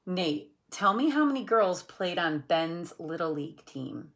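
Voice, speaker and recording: A woman voicing a calm, patient father in a storybook reading. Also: on the low side, measured pace, full character voice. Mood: reassuring.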